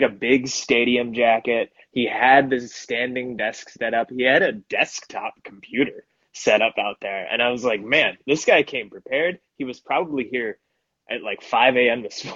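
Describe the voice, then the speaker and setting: Husky-voiced man previewing a soccer match. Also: mid-range voice, normal speed, fairly bright tone, no echo, highs cut off. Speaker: soccer reporter co-hosting a live audio show. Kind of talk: casual match preview chat.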